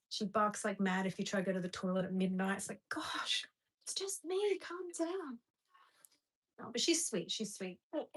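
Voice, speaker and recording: A woman with an Australian accent chatting casually on a home livestream, rambling and talking to a dog between remarks. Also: medium pitch.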